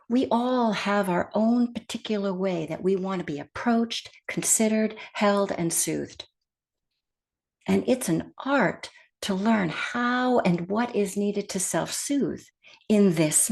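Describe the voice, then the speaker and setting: A woman giving a meditation talk as a teacher, speaking gently and softly and sometimes dropping to a whisper. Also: mid-range voice, slow, vocal fry. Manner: gentle and soft-spoken, with hushed whispered phrases.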